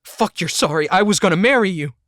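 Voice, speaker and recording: A man's voice: mid-range voice, fairly quick, fairly bright tone, no echo, clean studio sound, close to an everyday voice. A man voicing a betrayed young man seething with rage in an audiobook, harsh and barking. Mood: enraged.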